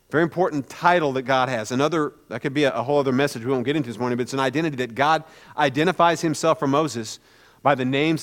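A man's voice: on the high side, long reverb tail. A man preaching a conversational sermon as a pastor, telling a story informally with many "kind of" hedges.

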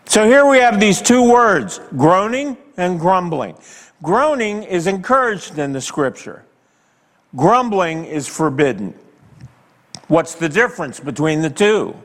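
A male pastor preaching a sermon slowly and emphatically, with dramatic pauses, and asking the congregation direct questions. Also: high-pitched, big pitch swings, a bit bright. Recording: long hall reverb.

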